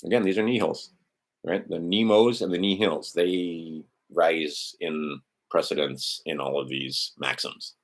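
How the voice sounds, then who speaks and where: A middle-aged man with a low, deep voice talks into a desk mic, rambling through a document with sardonic asides. His delivery is loose and casual, broken by restarts and the odd curse. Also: fairly even intonation, a little slow. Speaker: host of a legal maxims stream. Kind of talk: casual screen-share talk.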